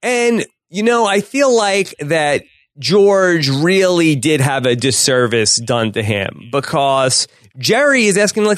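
A man co-hosting a podcast, casually retelling a sitcom episode scene by scene with quick laughs. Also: on the high side, sing-song, a bit bright, dry recording, studio quality. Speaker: podcast co-host.

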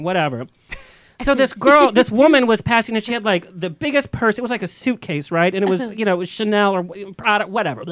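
A man hosting a podcast, telling stories in a casual, animated way and laughing often. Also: high-pitched, no echo. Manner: chatty, laughing, animated storyteller. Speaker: podcast host. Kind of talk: casual chat.

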